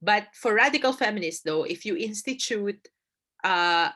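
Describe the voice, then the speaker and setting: A woman's voice: medium pitch, animated, moderate pace, bright, forceful tone. A woman giving a casual debate lecture, conversational and emphatic, often tagging points with "right?" and repeating phrases for stress. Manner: conversational, frequent "right?" and "you know" asides.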